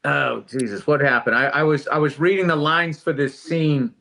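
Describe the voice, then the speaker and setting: A middle-aged man with a high, bright voice talks on a casual podcast. He is reflective and candid. He swears loosely as he goes. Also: moderate pace, creaky. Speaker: podcast host.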